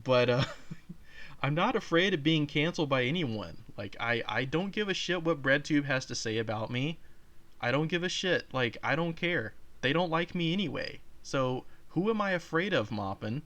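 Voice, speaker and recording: A man's voice: a little high, lively intonation, normal speed, fairly bright tone. A man hosting a reaction video, talking casually, swearing and defiant. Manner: profane, sarcastic, defiant. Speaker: YouTube host.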